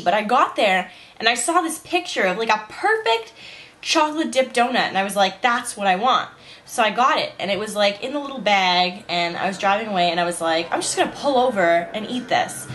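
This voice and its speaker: A woman's voice: medium pitch, animated, quick pace, a bit bright. A young woman vlogging at home right after waking up, with a morning voice, talking casually and rambling, saying "like" and "you know" a lot. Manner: chatty, rambling, says "like" and "you know" often. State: morning voice, just woke up. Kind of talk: casual vlog monologue. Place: at home, indoors.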